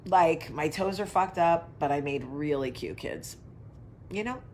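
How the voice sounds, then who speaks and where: In a low-pitched, slightly mellow voice and a somewhat slow pace, a woman runs her own laid-back talk show, talking loosely to viewers, wandering off on tangents, swearing and replying to comments. A little hiss or hum is audible.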